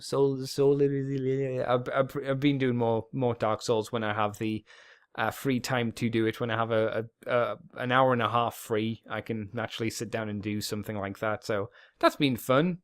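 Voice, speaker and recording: A man's voice: mid-range voice, steady tone, normal speed, smooth. Man rambling solo on a podcast. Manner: rambling, profane, self-deprecating. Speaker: podcast host.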